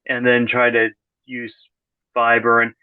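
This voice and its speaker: A man's voice: medium pitch, completely flat delivery, measured pace, smooth, no room sound. Man on a tinny, dry call line. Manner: rambling, self-correcting, dry sarcastic humor. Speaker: podcast guest. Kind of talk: casual conversational interview. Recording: tinny phone-like call audio.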